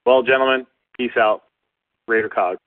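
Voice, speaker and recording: Resigned caller on a distant phone line. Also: male voice, medium pitch, normal speed, no room sound. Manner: resigned, casual, uses uh fillers. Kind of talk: fan call-in commentary.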